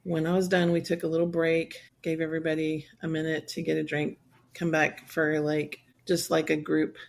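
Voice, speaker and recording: A woman's voice: low-pitched, completely flat delivery, normal speed, creaky. A woman in her sixties, a guest on an interview podcast, telling her story candidly and at length, sometimes acting out what people said. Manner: candid, rambling, acts out quoted voices. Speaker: guest, survivor advocate.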